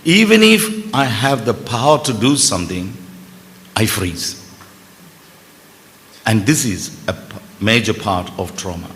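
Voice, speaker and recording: Male conference speaker, first language Malayalam, lowish voice, casual lecturing manner, long hall echo. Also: animated, measured pace, long pauses, fairly bright tone. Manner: conversational, with self-deprecating asides. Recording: reverberant hall with faint background noise.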